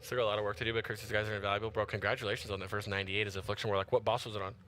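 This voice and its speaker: A man giving chatty, excitable live commentary while playing a game, tired after an early start. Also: lowish voice, very fast, a little hiss or hum. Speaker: gaming streamer.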